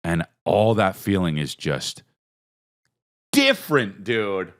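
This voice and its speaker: A low-voiced man in his forties rambles through a comic monologue, swearing freely. His pitch leaps around wildly, dropping to low mutters and jumping to high excited bursts. The sound is dry and close, with no room around it. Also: slow pace, no room sound. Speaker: podcast host. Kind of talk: casual comedic monologue.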